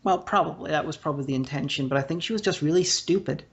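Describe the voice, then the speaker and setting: A speaker of middle pitch talks through a film review in a casual podcast chat. The delivery is halting, full of restarts and fillers. The audio is dull and lo-fi. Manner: hesitant, many restarts and fillers.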